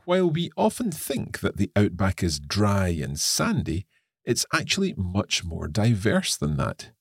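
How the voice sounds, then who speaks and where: Scottish man, language teacher, very low, lively intonation, husky, dry close sound. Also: a little slow, no room sound. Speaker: co-host and English teacher. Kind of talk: language-lesson podcast.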